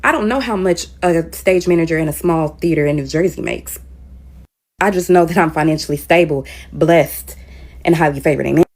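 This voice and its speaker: A woman's voice: sits low, a little fast. A woman, a teacher, telling a story in a casual, candid way with frank profanity. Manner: grows louder and more heated as she tells it.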